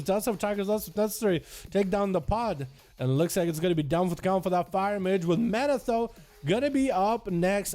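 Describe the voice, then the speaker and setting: A man giving excitable, gung-ho play-by-play commentary on player duels in an online game. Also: sits high. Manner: excitable, gung-ho, quick reactions.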